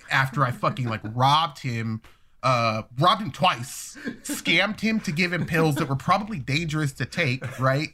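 A storyteller guest in his thirties spins a tale in a casual, animated and profane style, performing the voices of the people he quotes. His pitch is fairly high.

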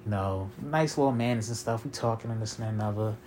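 A man's voice: on the low side, fast talker, a little mellow, slight background noise. A man in his twenties telling a long story in a casual, rambling and profane way, with constant "you feel me" fillers.

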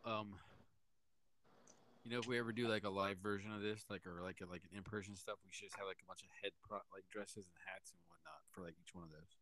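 Low-voiced guy cohost cracking dry jokes in a relaxed chat. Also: fast talker, no room sound. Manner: joking, deadpan quips. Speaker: podcast co-host. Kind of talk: casual chat.

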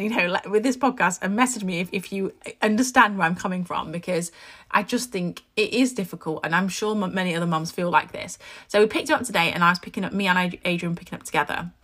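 Bright-voiced chatty woman. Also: medium pitch. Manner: chatty, candid storytelling with frequent laughs. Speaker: podcast host. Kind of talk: casual podcast monologue.

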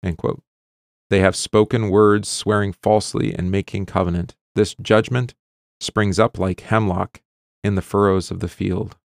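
A middle-aged pastor with a low, gravelly voice reads long scripture passages, his emphasis climbing on the pleading lines. Between readings he explains in loose asides with ums and quick restarts. The sound is dry and close, with no room behind him. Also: little pitch movement, dry recording. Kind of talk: bible reading and teaching.

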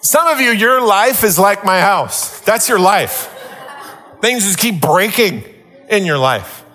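A middle-aged male pastor delivers his sermon through lively, humorous personal stories. His voice sits a bit high and sounds bright and forceful, and he builds to excited exclamations as he tells them. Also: slow pace. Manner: animated storytelling, rising into excited exclamations.

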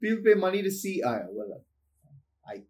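A young man with a mellow, relaxed tone drifts through loose, profane podcast banter. His talk is slangy and offhand, full of casual asides. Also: high-pitched, a little fast, gravelly. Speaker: podcast co-host. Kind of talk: casual chat.

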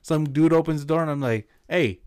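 A man's voice: a little high, brisk, clean tone. Profane storytelling podcast man. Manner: animated, profane, mixes in Spanish slang. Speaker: podcast host. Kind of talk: casual storytelling chat.

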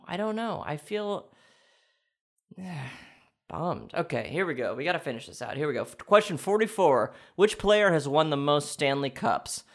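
A young man hosting a comedic quiz challenge, thinking out loud and swinging between excited shouts and low mutters. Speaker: quiz contestant and host.

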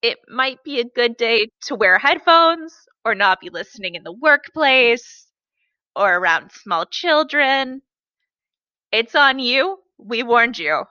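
Woman co-host, bright and forceful tone, slightly high, dry close mic, dull lo-fi sound, wry casual storyteller. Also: expressive, takes it slowly, no echo. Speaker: podcast co-host. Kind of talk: casual podcast chat.

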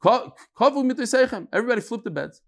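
Guy with a high voice giving a talmud class, animated, acts out the back and forth. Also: fast. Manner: lively, explains in plain talk and acts out the dialogue; peppers English with Hebrew and Yiddish study terms. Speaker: Talmud teacher.

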